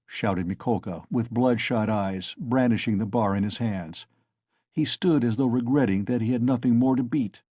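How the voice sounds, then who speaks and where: Husky male audiobook narrator. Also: on the low side, normal speed, no room sound. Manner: steady storytelling. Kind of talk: scripted narration.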